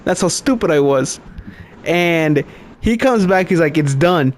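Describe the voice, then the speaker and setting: A young man on a casual podcast spins a rambling, swear-heavy story and laughs along the way. His voice sits a little higher than most men's. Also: expressive, unhurried. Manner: profane, storytelling, laughs often. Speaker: podcast co-host. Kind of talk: casual chat.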